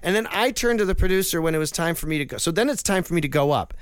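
A man with a slightly high, smooth and clear voice tells a story in a casual interview. He talks animatedly and slips into the voices of the people he quotes. The sound is close and dry. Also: animated, very fast, no room sound. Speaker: comedian and impressionist.

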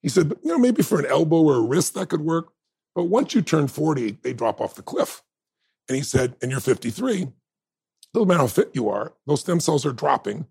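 Gravelly, husky-voiced man telling a story. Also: a little high, very animated, brisk, darkish tone. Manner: acts out quoted dialogue, laughs often. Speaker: interview guest. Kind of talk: animated storytelling in conversation.

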